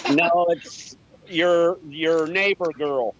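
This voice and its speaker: A man's voice: a little high, expressive, drawn-out words, muffled recording. A man on a video call giving brief, dry replies. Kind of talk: casual chat on a video call.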